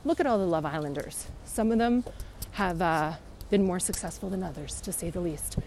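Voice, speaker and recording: A woman's voice: on the low side, lively intonation, moderate pace. Vlogger, Canadian woman in her 30s, opinionated street rant, heavy traffic noise. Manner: opinionated, emphatic, ranting. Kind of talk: casual chat to camera. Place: outdoors by a busy road. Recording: loud traffic noise behind.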